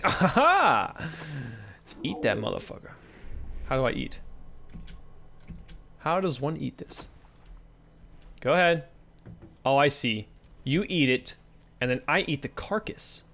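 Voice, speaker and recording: A young man giving casual let's-play commentary, swinging between excited yelps and hushed murmurs, swearing casually and coaxing his in-game kids along. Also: medium pitch, measured pace, long pauses.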